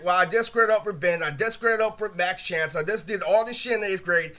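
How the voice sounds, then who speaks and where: A man's voice: high voice, a little fast, hardly any pauses, sharp tone. A man telling a long personal story as a vlog, rambling and aggrieved, full of swearing and constant fillers. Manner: aggrieved, ranting retelling. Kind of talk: casual storytime monologue.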